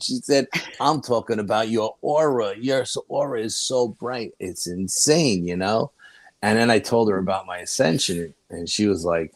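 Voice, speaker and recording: New York man, guest storyteller, lowish voice, dry close sound, rambling and animated. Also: normal speed, no echo. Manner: rambling, animated anecdotes with restarts. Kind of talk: casual storytelling.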